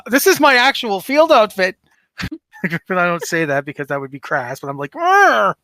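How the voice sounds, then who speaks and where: A man's voice: high-pitched, sing-song, moderate pace, a bit bright, slight background noise. A man playing a tabletop game, joking with wry asides. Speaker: player.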